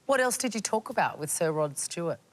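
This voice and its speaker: A woman hosting a comedy panel show, reading the rules in a crisp, measured way. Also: on the low side, lively intonation. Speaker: host. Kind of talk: scripted presenting. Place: TV studio with audience.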